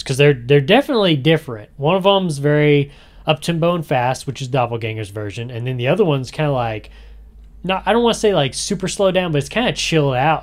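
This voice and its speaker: A man hosting a podcast in a casual chat, talking in a chatty, rambling way and often laughing. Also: on the high side. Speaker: podcast host.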